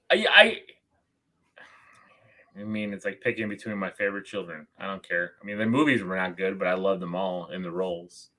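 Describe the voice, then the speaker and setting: A man's voice: on the low side, pushed and bright, poor audio. A man co-hosting a casual livestream chat, speaking hesitantly with many repeated words and restarts. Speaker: podcast co-host.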